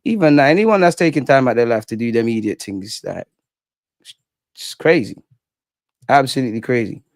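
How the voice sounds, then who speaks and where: A man's voice: medium pitch, animated, moderate pace, no echo, studio quality. A young man with a London accent, hosting a casual live chat with slang and reading out viewer comments. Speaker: livestream host.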